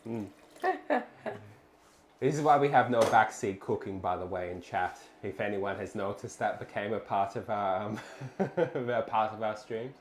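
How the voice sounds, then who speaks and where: A man's voice: on the low side, unhurried, a little hiss or hum. A man co-hosting a live cooking stream from a small home kitchen, chatting casually, laughing often and reading out viewer messages. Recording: roomy kitchen with faint ambience.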